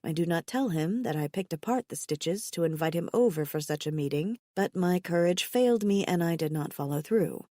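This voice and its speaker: Woman audiobook narrator, first-person romance, intimate measured read, dry close sound. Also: lowish voice, expressive, dark tone, no room sound.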